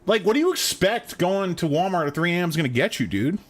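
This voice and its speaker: Animated slangy young man streaming. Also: sits high, quick pace. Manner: crude joking banter with chat, slangy. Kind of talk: casual gameplay chat.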